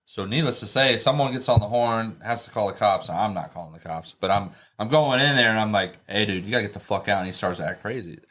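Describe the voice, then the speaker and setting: A middle-aged man with a somewhat low voice tells rowdy tattoo-shop stories on a podcast. His delivery is loose and rambling, full of cursing and laughter. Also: brisk, hardly any pauses, a bit bright. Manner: rambling, profane, laughs while telling stories. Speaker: podcast co-host, tattoo artist. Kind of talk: casual storytelling chat.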